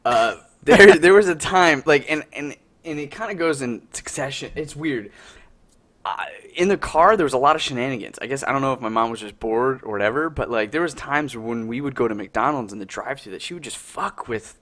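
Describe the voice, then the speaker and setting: A man's voice: mid-range voice, lively intonation, fairly quick, a bit bright. A young man on a casual podcast, telling rambling stories full of filler words and acted-out quotes. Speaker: podcast co-host. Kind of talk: casual chat.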